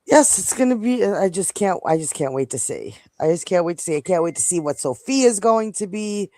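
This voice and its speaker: A woman's voice: lowish voice, lively intonation, normal speed, warm tone, no room sound. A woman hosting a casual live theory chat, eager and repeating herself as she gathers her thoughts. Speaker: podcast host.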